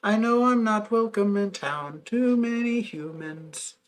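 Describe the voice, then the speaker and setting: A woman voicing a shy, gentle shadow creature who speaks slowly and earnestly. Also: medium pitch, slight background noise, pitched above the performer's own voice, close to an everyday voice.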